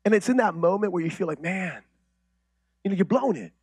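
Preaching pastor, male, high husky voice, dry close sound; conversational delivery with loud and hushed swings. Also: brisk, dry recording. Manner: animated, swings from loud declarations to quiet intimate asides; conversational, with frequent restarts and rhetorical questions. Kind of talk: sermon.

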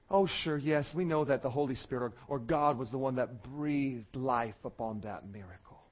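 A male pastor preaching a sermon, swinging from loud shouting to a hushed, intense murmur. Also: medium pitch, normal speed, hardly any pauses, lo-fi sound.

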